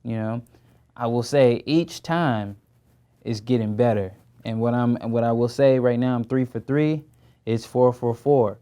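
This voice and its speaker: A man's voice: mid-range voice, unhurried, clear, resonant tone. A young man in his twenties, an actor talking casually in a studio interview, loose and slangy with lots of fillers. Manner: relaxed, slangy, many fillers. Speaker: actor guest.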